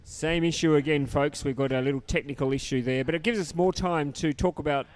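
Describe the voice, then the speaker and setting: A man's voice: a little high, a little fast. A man from Australia, doing live sports commentary banter from a beach tent, jokey and laughing. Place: tent booth at a beach event.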